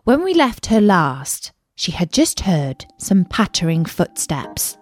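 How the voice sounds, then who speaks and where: A woman reading a children's story aloud in a lively, expressive way. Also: fairly low pitch, slow, no room sound, soft background music.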